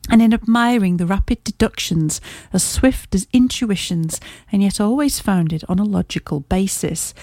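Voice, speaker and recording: A woman narrating a classic tale in a steady, measured way. Her voice is mellow and warm in tone, and the recording is dry and close-miked. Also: medium pitch, dry recording. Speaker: audiobook reader. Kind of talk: scripted narration.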